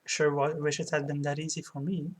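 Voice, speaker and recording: A woman casually commenting on a retro game as she plays it, talking slowly with frequent fillers and light laughs. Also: low voice, flat delivery. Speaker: game streamer. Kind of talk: let's play commentary.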